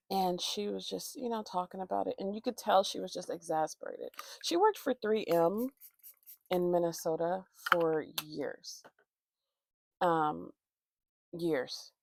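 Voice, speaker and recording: A woman's voice: fairly low pitch, gravelly, a little mellow, dry recording, studio quality. A woman vlogger chatting casually, telling a rambling, profane, candid story with many restarts.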